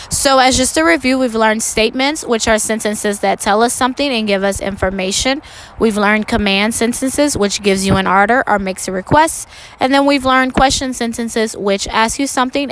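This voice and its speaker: Clear, patient first grade teacher, woman. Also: a little high, fairly bright tone, rough recording. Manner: slow, clear and instructive, stressing words for young pupils. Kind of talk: recorded lesson for parents and students.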